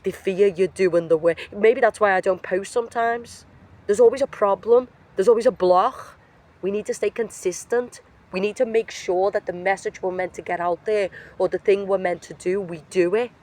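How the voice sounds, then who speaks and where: A woman's voice: mid-range voice, moderate pace, a little mellow. A woman giving a casual, emphatic tarot reading outdoors in nature, speaking bluntly with slang while her voice is affected by being sick. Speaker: tarot reader.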